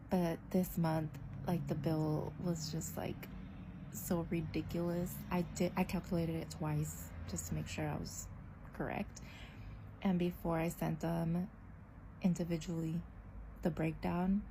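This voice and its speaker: A woman with a gravelly, dark voice talks slowly and hesitantly in a casual vlog. She chuckles between fillers. A faint noise sits behind her. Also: fairly low pitch, rough recording.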